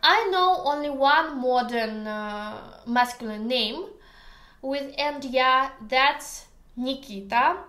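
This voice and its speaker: A woman with a Russian accent teaches in a casual video lesson, her high voice moving at a slow, careful pace. She pauses often, jokes along the way, and the kitchen adds a clear echo. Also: a bit bright. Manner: slow, careful, hesitant English with many pauses; playful, joking. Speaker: language teacher. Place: home kitchen. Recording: echoey kitchen room.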